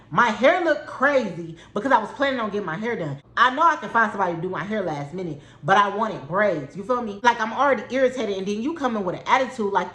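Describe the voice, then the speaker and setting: Animated indignant young woman in an echoey room. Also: medium pitch. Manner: animated, indignant, exasperated, frequent "like". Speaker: vlogger telling a story. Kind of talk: casual storytime rant.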